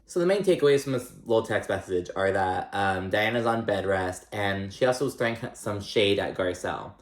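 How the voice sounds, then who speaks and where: A man's voice: lowish voice, expressive, brisk, echoey room. A man casually recapping reality TV in a chatty, rambling way, swearing freely and peppering his talk with "like". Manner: chatty, profane, rambling with many likes. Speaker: recap vlogger.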